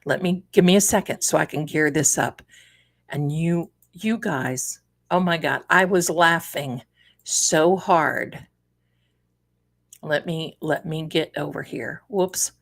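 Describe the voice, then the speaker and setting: A woman's voice: deep voice, slow pace, vocal fry. A woman hosting a live tarot stream, chatting casually and exclamatorily while fumbling with her setup.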